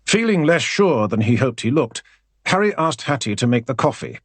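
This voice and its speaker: A man narrating an audiobook in a wry, expressive storytelling manner. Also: mid-range voice, normal speed, dry recording.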